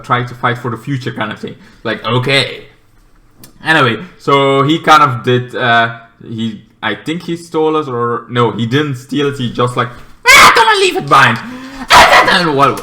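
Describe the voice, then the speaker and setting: Guy rambling thru a movie plot recap, bright voice, says "kind of thing" a lot. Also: mid-range voice. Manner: rambling plot recap that bursts into excited shouted quotes; loose phrasing with filler such as "kind of thing". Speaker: movie reviewer. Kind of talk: casual movie review vlog.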